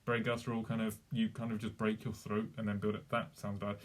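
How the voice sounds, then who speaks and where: A man's voice: lowish voice, monotone, a little fast. A young man chatting casually on a live stream, rambling with many fillers and restarts.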